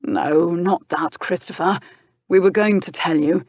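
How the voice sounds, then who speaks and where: A woman voicing a firm, steady uncle and guardian in an audiobook, measured and dryly mocking. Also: lowish voice, no echo. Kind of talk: audiobook character voice.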